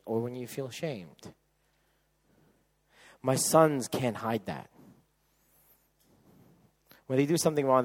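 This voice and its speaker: A man in his thirties preaching at a camp, telling a personal story with lively acted-out voices and frequent laughter. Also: medium pitch. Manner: animated storyteller, acts out voices, laughs often. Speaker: camp speaker. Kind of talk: sermon with storytelling.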